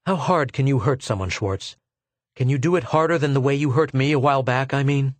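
A man's voice: medium pitch, fairly quick, dry recording, natural voice. An earnest male scholar of a star empire, as a narrator acts him out, argues with emphatic, rising force. His plea is persuasive and impassioned. The sound is dry and close. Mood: eager.

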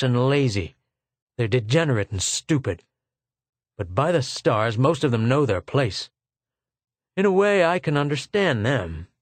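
A man's voice: medium pitch, no echo, clean studio sound. A man voicing a sneering, bigoted male army lieutenant in an audiobook, speaking with contempt. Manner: contemptuous, taunting.

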